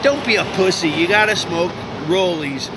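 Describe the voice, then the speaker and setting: Male, higher voice, profane stammering street rant, noisy city traffic recording. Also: animated, moderate pace. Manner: profane, stammering, lots of fillers. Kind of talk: rambling outdoor rant.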